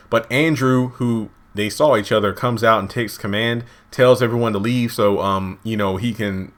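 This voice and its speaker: A man casually recapping a TV episode at home, lively and acting out characters' lines in high voices. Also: moderate pace, few pauses. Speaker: TV show reviewer. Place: home, indoors.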